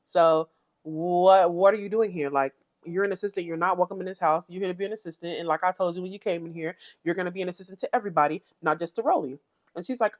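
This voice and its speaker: A woman giving a casual, chatty recap of a reality show, often imitating the cast in a higher voice. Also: quick pace, no room sound. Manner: chatty, animated, mimics cast members in high voices.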